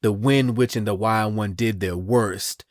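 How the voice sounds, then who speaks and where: A man's voice: lowish voice, unhurried, no room sound, clean studio sound, lightly acted. A man voicing a vengeful male samurai villain who makes boastful, threatening declarations. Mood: menacing.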